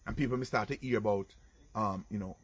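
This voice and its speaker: A middle-aged Jamaican man telling his own life stories in a casual vlog, animated and talking to his viewers as "people". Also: fairly low pitch, quick pace, slightly rough. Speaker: vlogger. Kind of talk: casual storytelling.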